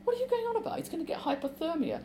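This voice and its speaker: A woman reading aloud as an alarmed teenage girl, asking high, strained questions. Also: wildly swooping pitch, brisk, a little mellow, slight background noise. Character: teenage girl, anxious and urgent.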